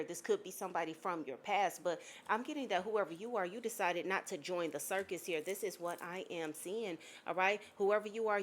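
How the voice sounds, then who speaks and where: A woman's voice: medium pitch, a little hiss or hum. Blunt woman giving a spiritual reading. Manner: emphatic, keeps checking in with "okay?" and "all right?"; blunt and casually profane. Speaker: psychic reader. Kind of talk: spiritual reading to unseen viewer.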